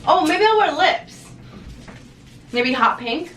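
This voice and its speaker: A woman's voice: high-pitched, lively intonation, takes it slowly, fairly bright tone, slight background noise. A young woman rambling and giggling as she chats casually to the camera in a vlog. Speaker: vlogger.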